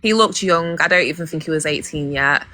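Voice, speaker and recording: A woman's voice: sits low, brisk, bright, forceful tone. A woman hosting a livestream chat, talking bluntly and swearing freely. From England. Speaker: livestream host.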